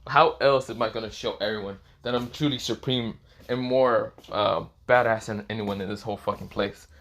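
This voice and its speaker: A man's voice: on the low side, fairly even intonation, moderate pace, fairly bright tone. A guy doing a cocky young fighter who brags and swaggers, talking about how he's the best, in an everyday man's voice that hardly changes from the narrator's own. he sounds sure of himself and loves the attention. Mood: smug. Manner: boastful, swaggering.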